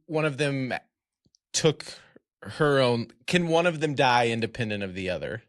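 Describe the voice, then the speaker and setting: Male podcast guest, medium voice, hesitant drawn-out questions, dry close sound. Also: medium pitch, expressive, dry recording. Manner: curious, halting questions, drawn out. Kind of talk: casual chat.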